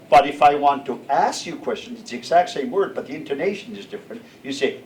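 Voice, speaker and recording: A man's voice: fairly high pitch, expressive, moderate pace. Older man teaching, heard from a distance. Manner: patient, checks in with listeners. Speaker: language teacher. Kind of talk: classroom language lesson. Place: classroom with students. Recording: distant mic, faint room noise.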